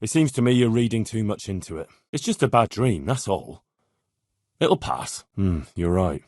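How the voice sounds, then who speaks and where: An actor playing an earnest, dutiful young squire in a medieval game, speaking plainly and deferentially in recorded dialogue lines. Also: male voice, fairly low pitch, expressive, moderate pace, a little mellow, no echo, clean studio sound. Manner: plain, sincere and deferential, with many lines read twice. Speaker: player character in a game. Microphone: close studio mic.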